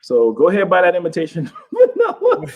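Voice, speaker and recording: Animated man telling stories, fairly high voice. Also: fairly quick, muffled recording. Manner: animated storyteller, acts out quotes in raised voices, swears freely. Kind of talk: casual chat.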